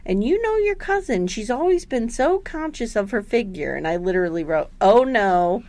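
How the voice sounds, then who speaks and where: Lively high-voiced woman telling stories. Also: a little fast, no room sound. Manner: animated storytelling, acts out voices in high squeals. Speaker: podcast co-host recapping a TV episode. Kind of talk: casual chat.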